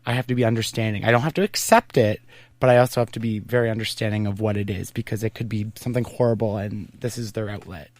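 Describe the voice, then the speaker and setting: A man's voice: on the low side, fairly even intonation, fast, no room sound. A man hosting a podcast, chatting casually and rambling as he thinks aloud, with many fillers and restarts. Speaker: podcast host. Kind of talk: casual interview chat.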